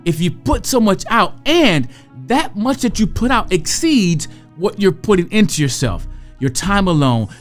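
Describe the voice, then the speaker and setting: A woman giving a motivational talk to parents and educators, conversational, slowing down to draw out key phrases. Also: medium pitch, sing-song, soft background music.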